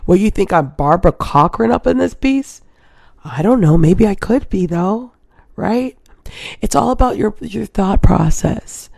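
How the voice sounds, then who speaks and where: A woman's voice: on the low side, lively intonation, measured pace, gravelly, darkish tone, no room sound, clean studio sound. A woman in her thirties from Hawaii, hosting a casual live stream and rambling to her viewers. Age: 30s. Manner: rambling, chatty, keeps addressing viewers.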